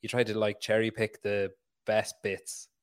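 A man's voice: lowish voice, completely flat delivery, unhurried. A man in his thirties chatting casually about parenting, rambling and self-mocking, swearing freely. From Ireland. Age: 30s. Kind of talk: casual chat.

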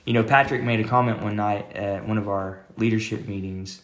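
A man's voice: lowish voice, steady tone, fairly quick. A man, an associate pastor, telling a long story in a casual interview, rambling with many fillers and calling people "man.". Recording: echoey room.

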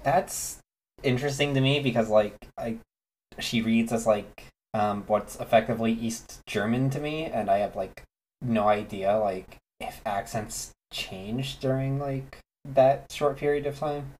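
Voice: medium pitch, a little slow, a little mellow, rough recording. A podcast co-host chatting casually, with loose filler-laden phrasing. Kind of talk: casual chat.

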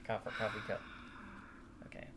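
A woman's voice: moderate pace, a bit bright, slight background noise. A woman co-hosting a podcast, chatting casually in an upbeat, encouraging way. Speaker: podcast co-host. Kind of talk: casual chat.

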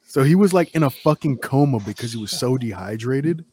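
Husky young man, rambling story. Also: medium pitch, expressive, a little fast, few pauses, dark tone. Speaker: podcast co-host. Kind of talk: casual chat.

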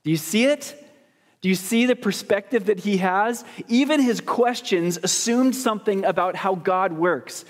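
Male pastor, sermon, high voice, easy joking delivery, rhetorical questions, long hall reverb. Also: moderate pace. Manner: conversational, joking, asks the congregation questions.

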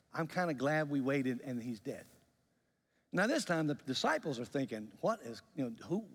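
A male pastor preaching a sermon, telling the story with lively acted-out voices. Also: a little high, husky. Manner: animated storytelling, acts out quoted voices. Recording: long reverb of a large hall.

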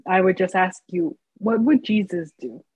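A woman co-hosting a podcast in casual chat, halting and playful, with many fillers. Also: fairly low pitch, a little mellow, husky, no room sound, highs cut off. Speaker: podcast co-host.

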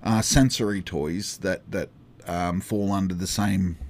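A man's voice: sits low, unhurried. A man in his thirties, a podcast co-host telling a story in casual chat, acting out the dialogue with laughs. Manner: animated, acts out dialogue with laughs.

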